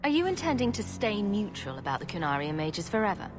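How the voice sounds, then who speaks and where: A woman's voice: medium pitch, sing-song, fast, over music, lightly acted. A woman voicing a dry, sarcastic adult female hero in a video game. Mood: inquiring.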